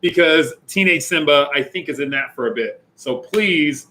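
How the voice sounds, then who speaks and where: Jokey young man, bright voice. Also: fairly high pitch, normal speed, slight background noise, rough recording. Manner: jokey, playful, chatty with viewers. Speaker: youth pastor. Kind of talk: casual livestream chat.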